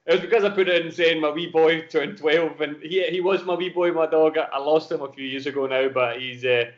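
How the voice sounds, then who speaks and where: A Danish man whose English carries a Danish accent blended with a Glasgow Scottish lilt. He talks as a relaxed guest, chuckling through his answers in a mid-pitched voice. The sound is a dull, lo-fi home video call. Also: a little fast. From Denmark. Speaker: guest, football coach. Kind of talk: casual podcast interview. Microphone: home call over video chat. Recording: dull lo-fi internet call audio.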